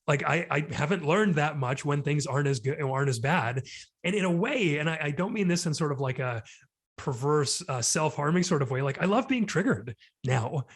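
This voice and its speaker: A man's voice: fairly high pitch, animated, normal speed. A man as a podcast guest, talking earnestly and introspectively about hard times, with many filler "like"s. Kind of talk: reflective conversation.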